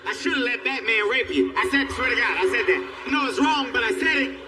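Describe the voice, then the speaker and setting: A man doing profane, animated stand-up storytelling on stage, jumping into squealing character voices. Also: very high voice, brisk, noisy background. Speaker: stand-up comedian. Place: comedy stage.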